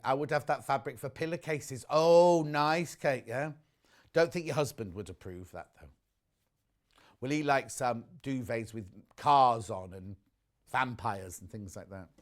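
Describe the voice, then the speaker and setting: A man presenting on a live shopping channel, chatting warmly about fabrics and reading out viewer messages. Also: medium pitch. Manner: chatty, gushing over products, reads viewer messages aloud. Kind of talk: live TV sales chat. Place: TV studio.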